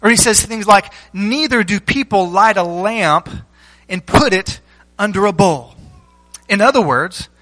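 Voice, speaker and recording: A man preaching a structured sermon as pastor, teaching point by point with rhetorical questions and deliberate pauses. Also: sits high, animated, bright, forceful tone, poor audio.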